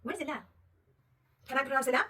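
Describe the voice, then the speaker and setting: Fast-talking woman teacher quizzing a pupil. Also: high voice, fairly even intonation, sharp tone, distant mic. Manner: patient, quizzing and praising a young pupil. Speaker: Arabic reading teacher. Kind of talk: one-on-one reading lesson.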